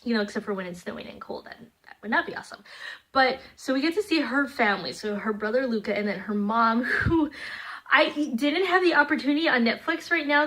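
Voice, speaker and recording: A young woman chatting casually into her camera, reviewing episodes she just watched. Her voice sits a little high, and she talks in an animated way, often dropping into playful quoted voices. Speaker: vlogger reviewing a cartoon series. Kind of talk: casual reaction chat.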